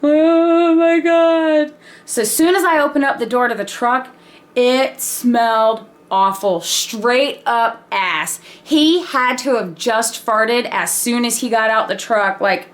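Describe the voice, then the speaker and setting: A woman telling a personal story in a casual, animated way, laughing and swearing freely. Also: fairly high pitch, a little slow. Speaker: vlogger.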